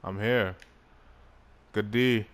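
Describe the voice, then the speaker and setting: Male gaming creator, low voice, loose excitable play-by-play with swearing. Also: very slow, clear, resonant tone. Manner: excitable, swears, laughs at himself. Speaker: gaming YouTuber. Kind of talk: casual gameplay commentary.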